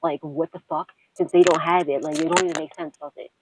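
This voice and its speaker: A woman's voice: deep voice, big pitch swings, fast talker, creaky, noisy background. A woman giving a tarot reading to her viewers. She talks bluntly and swears often, laughs a lot, and keeps repeating reassurances. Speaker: tarot reader and psychic.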